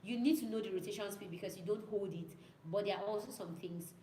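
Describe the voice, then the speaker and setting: Speaking quickly in a warm, medium-pitched voice, a young student pilot answers viewer questions in a casual chat, repeating herself and imitating radio calls. There's slight background noise, and the room is echoey with faint ambience.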